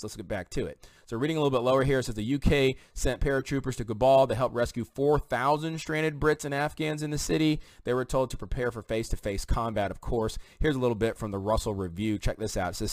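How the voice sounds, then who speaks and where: Indignant man, low dry voice. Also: no room sound. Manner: indignant, rambling asides. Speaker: political commentator. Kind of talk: casual commentary reading news aloud.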